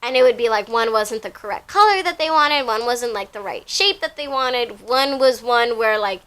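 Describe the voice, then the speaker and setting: Young woman, storytime vlogger, chatty, animated, filler-heavy, bright tone. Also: on the high side, moderate pace. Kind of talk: casual storytime monologue.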